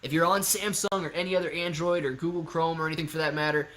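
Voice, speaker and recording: A man hosting a live stream, chatting casually and excitably with his viewers and thinking out loud. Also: on the high side, fast talker. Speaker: livestream host answering chat.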